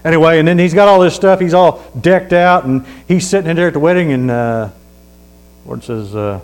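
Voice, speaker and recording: A man's voice: on the high side, darkish tone, slight background noise, low-quality recording. A man preaching a sermon in a folksy storytelling way, reading scripture aloud and dropping in amens. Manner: reads scripture aloud slowly.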